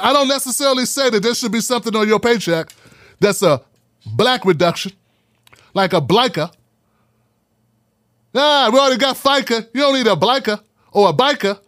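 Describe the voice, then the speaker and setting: A man hosting a live podcast, talking in an animated, preachy way and repeating phrases for emphasis. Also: high-pitched, no echo, clean studio sound. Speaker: podcast host. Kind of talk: live-streamed podcast talk.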